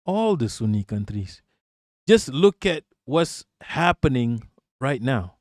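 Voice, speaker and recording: A man's voice: mid-range voice, big pitch swings, measured pace, no echo. A man rants on a livestream in a mid-range voice, emphatic and profane, stacking rhetorical questions and repeating lines for effect. The sound is dry and close, with no room around it. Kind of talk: casual livestream rant.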